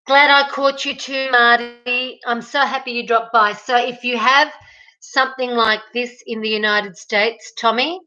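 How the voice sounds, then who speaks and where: A woman's voice: a little high, steady tone, unhurried, pushed and bright, lo-fi sound. A woman with an Australian accent hosting a casual livestream from her kitchen, chatting with viewers and greeting them by name. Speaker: livestream host. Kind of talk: casual live chat reading viewer comments. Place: home kitchen.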